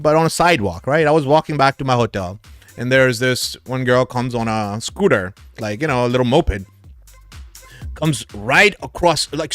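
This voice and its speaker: A middle-aged man, host of a crypto channel, telling casual stories with frequent laughter and swearing. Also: medium pitch. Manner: excitable, laughs often, swears freely. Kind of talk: casual storytelling.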